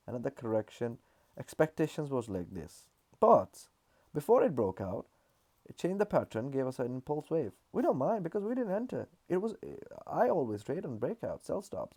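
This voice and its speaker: A man's voice: medium pitch, sing-song, normal speed, warm tone. A man casually walking through market charts, explaining in a loose, repetitive way with frequent fillers. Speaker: trading analyst.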